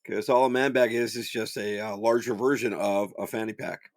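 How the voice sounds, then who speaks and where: A man's voice: fairly low pitch, steady tone, moderate pace, dry recording. A man co-hosting a podcast, hesitant and stumbling, backing down apologetically in casual banter. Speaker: podcast co-host.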